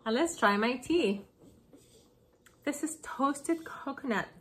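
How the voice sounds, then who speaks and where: A woman chatting excitedly on her home craft vlog, gushing over gifts she received. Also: high-pitched, a little hiss or hum. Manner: gushing, excited, slow-paced. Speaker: craft vlogger. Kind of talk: casual vlog chat.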